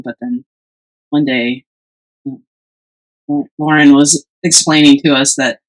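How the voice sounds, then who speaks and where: This woman's voice is very deep, and the audio is poor. As a podcast co-host, she animatedly shares a personal story in casual conversation, laughing a lot and mimicking the people she quotes.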